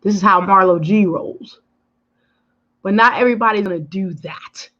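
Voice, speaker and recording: A chatty woman hosts a live makeup tutorial, talking straight to her viewers with an animated, emphatic manner. Her voice is bright and forceful. The livestream audio is dull and lo-fi. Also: mid-range voice, moderate pace. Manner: chatty, addresses viewers directly, answers comments. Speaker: beauty influencer.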